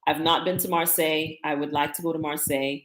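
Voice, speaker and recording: A woman in her fifties chatting casually in a live stream about her travels, telling stories in a wry, animated way. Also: low voice, fast, reverberant, slight background noise, low-quality recording. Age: 50s. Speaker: travel vlogger.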